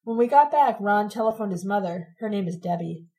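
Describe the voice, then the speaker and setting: A woman reads a novel aloud in a measured, expressive way. Her voice is mellow and soft-toned, at a middle pitch. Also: low-quality recording. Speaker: audiobook narrator.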